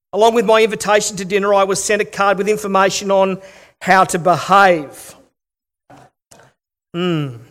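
A man's voice: high-pitched, a bit bright. A middle-aged Australian man preaching a sermon, telling stories with wry humor and rhetorical questions. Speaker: pastor.

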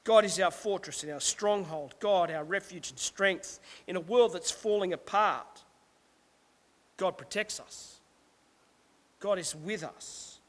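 A man with a notably high voice preaching with emphasis and throwing rhetorical asides to the congregation. His words ring out with a long echo, as in a large church hall. It is a delivered sermon, not a casual talk. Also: takes it slowly. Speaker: pastor.

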